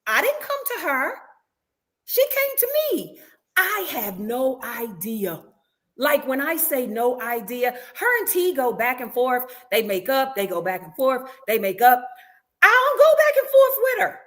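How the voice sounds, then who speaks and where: A woman's voice: high-pitched, big pitch swings, measured pace. A woman guest in a casual interview, telling a story with animation and acting out what others said. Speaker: reality show cast member guest. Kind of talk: casual interview, recounting events.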